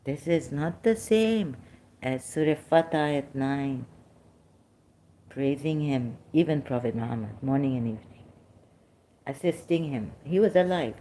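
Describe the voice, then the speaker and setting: A middle-aged woman with a low, mellow voice talks through religious questions off the cuff. She wanders from point to point, stopping on "uh" and restarting her sentences. It comes across as unscripted commentary. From Pakistan. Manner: rambling and hesitant, with frequent fillers and restarts.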